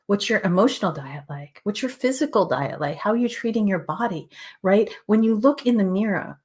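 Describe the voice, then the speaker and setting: A woman hosting a show, speaking earnestly and emphatically in a motivational spiritual talk, repeating phrases and sometimes dropping to a soft whisper. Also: mid-range voice. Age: adult with children.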